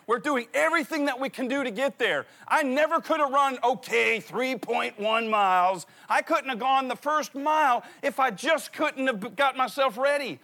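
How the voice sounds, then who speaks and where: A middle-aged man preaching a sermon, telling stories with animated repetition of key phrases. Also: very high voice, normal speed, hardly any pauses. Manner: animated storytelling, repeats phrases for emphasis. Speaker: pastor.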